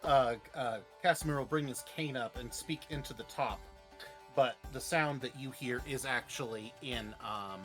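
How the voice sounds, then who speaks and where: A man playing a tabletop role-playing game, animated and laughing, sometimes stumbling over his words. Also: mid-range voice, moderate pace, soft background music. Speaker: player. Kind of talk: tabletop role-play chat.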